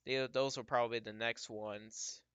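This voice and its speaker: A man talks through storm radar on a livestream, musing aloud and circling back as he goes. His voice is bright and crisp, with a dry, close sound and little room around it. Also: medium pitch, flat delivery, no echo. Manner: thinking aloud, casual and unhurried with restarts. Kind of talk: live weather commentary.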